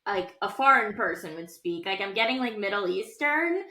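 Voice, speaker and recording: A woman's voice: medium pitch, animated, normal speed, bright, forceful tone. A woman co-hosting a podcast, talking casually and hesitantly, with many fillers. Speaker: podcast co-host. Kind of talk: casual conversation. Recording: echoey room.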